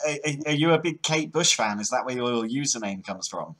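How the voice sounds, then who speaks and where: A man's voice: medium pitch, expressive, a bit bright. A male host of a call-in show chatting with a caller, often restarting his sentences. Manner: quick restarts and stammers. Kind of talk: call-in radio chat.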